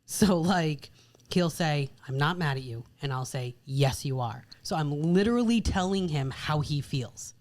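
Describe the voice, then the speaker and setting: A marriage podcast co-host speaks in a low, animated, slightly mellow voice at a somewhat slow pace. Her talk is relaxed and chatty, with frequent use of "like" and "literally."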